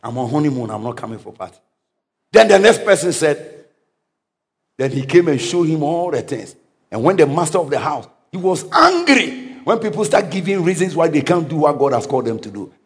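A male pastor delivers a lively sermon in a high, bright voice that leaps up and down. He bursts into sudden shouts and chuckles at his own anecdotes. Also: normal speed. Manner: animated preaching, sudden shouts, laughs at own stories. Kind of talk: energetic sermon.

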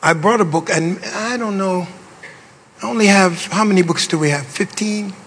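An older man, a bishop, preaching a sermon to pastors with playful, boastful asides, drawling low and then bursting into shouts. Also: moderate pace, slightly rough. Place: large hall. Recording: long reverb of a large hall.

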